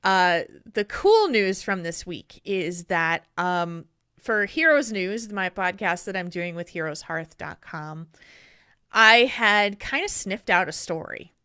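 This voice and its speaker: Bright, animated woman podcast host. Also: lowish voice, slow, clean tone, no echo, clean studio sound. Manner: animated, self-deprecating storyteller. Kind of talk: casual podcast chat.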